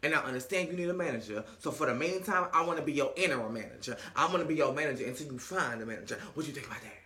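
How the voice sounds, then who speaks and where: Man mimicking a scheming boyfriend: low, hushed, coaxing sweet talk. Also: very fast, lightly acted. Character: smooth-talking adult male boyfriend, scheming.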